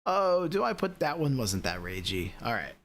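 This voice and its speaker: A man with a mid-range, fairly bright voice streams sim racing, talking at a normal speed in a sing-song way. He rambles casually, speaking straight to his chat and packing in lots of fillers.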